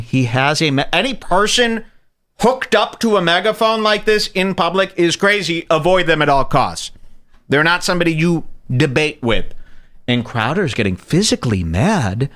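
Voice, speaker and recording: A man's voice: a little high, unhurried. A man hosting a comedic commentary on a video, ranting and swearing as he mocks what he watches. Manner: profane, ranting, animated. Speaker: host.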